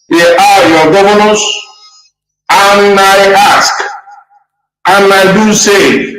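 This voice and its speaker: A man's voice: high-pitched, fairly bright tone, heavy reverb, far from the mic, rough recording. A man hosting an online talk show, rhetorical and repeating phrases for emphasis. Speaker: host.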